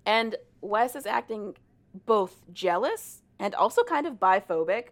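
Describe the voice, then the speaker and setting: Young woman co-host, lively storyteller, swaps into character voices, casual chat. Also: medium pitch, a little slow. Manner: animated, acts out characters' lines with swearing and laughter. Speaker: podcast co-host.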